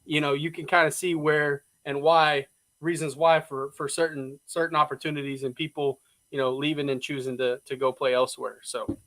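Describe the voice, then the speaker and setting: A man's voice: on the high side, level tone, moderate pace, a bit bright. A man co-hosting a casual sports talk show, rambling with many fillers and restarts. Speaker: co-host.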